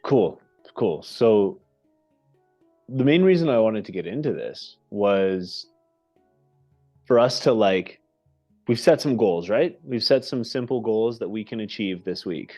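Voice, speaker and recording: Upbeat low-voiced man hosting a call. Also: unhurried, pauses often, lo-fi sound, faint music behind. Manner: energetic and animated, with many restarts and "right?" tags. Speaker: host of the goal call. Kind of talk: casual group video call chat.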